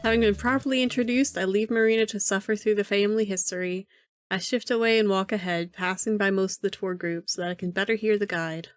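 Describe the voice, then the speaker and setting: A woman's voice: medium pitch, fairly even intonation, fast talker, no echo, faint music behind. Amused, swearing woman streamer. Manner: profane, amused, laughing often. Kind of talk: reading a visual novel aloud with commentary.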